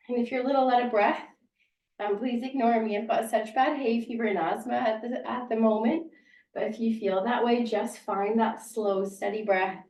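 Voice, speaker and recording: A woman's voice: mid-range voice, normal speed, a little mellow. A woman teaching a yoga class, guiding moves and breaths and counting down with encouraging words. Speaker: yoga instructor. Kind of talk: guided yoga class instruction. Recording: roomy sound, distant from the mic.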